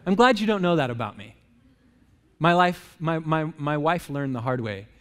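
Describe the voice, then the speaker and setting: A man with a high voice preaches in a church sanctuary, his words trailing off into a long hall reverb. He keeps it loose and conversational, joking with the congregation and firing rhetorical questions at them. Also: lively intonation, moderate pace, a bit bright. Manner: casual, joking, asks the crowd rhetorical questions. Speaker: pastor. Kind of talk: conversational sermon.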